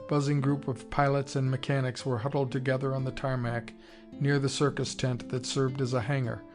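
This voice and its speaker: Guy reading an audiobook, calm and measured, soft guitar underneath. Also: medium pitch. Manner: steady, measured storytelling. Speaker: audiobook narrator. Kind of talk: scripted narration.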